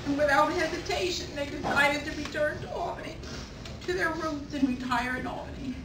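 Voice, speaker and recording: Heartfelt older woman giving a toast. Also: high-pitched. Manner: heartfelt, measured, reading prepared remarks. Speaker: maid of honor giving a toast. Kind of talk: anniversary toast speech. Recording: echoey distant room, background noise.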